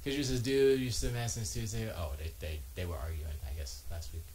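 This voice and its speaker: A man hosting a casual livestream from his home music studio, reading chat aloud and joking, with quiet muttered asides to himself. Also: fairly low pitch, animated, brisk, a little hiss or hum. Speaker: live streamer reading chat.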